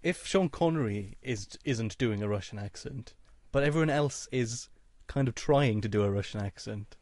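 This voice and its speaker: A man's voice: mid-range voice, normal speed, a little mellow, dry recording, clean studio sound. Opinionated man making emphatic points. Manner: opinionated, emphatic complaints with a laugh in the voice. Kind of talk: casual chat.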